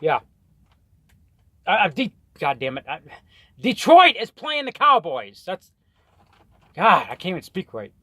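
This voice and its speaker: Guy cussing thru his football picks, kinda high voice, dry sound. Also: wildly swooping pitch, measured pace, long pauses, sharp tone, no room sound. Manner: profane, rambling, trips over words. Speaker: vlogger giving weekly football picks. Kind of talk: casual rant. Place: in a truck on the road.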